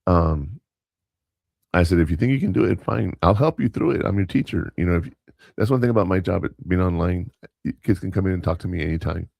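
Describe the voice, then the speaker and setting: Low gravelly male podcast co-host, rambling anecdotal storyteller, dry close sound, casual chat. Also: fast, a little mellow, no room sound. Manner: rambling, anecdotal, with self-corrections and quoted dialogue. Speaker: podcast co-host and substitute teacher.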